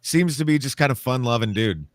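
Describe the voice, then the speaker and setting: A man, a paranormal author and interview guest, telling a story in a casual, animated way and acting out the quotes. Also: medium pitch, fairly quick, no room sound. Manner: animated, acts out quotes, laughs often.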